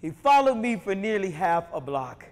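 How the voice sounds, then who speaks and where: High-voiced man performing slam poetry. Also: moderate pace. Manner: rhythmic, rising to shouted emphasis in poems, relaxed and joking between. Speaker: performance poet. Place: university hall before an audience. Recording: long hall reverb from a live stage.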